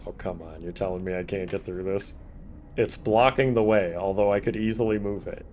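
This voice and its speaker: A man's voice: low-pitched, fairly even intonation, a little fast, a little mellow, a little hiss or hum. A man streaming a horror game, joking casually and reading in-game text aloud as he plays. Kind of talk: casual let's-play commentary. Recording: game music behind voice.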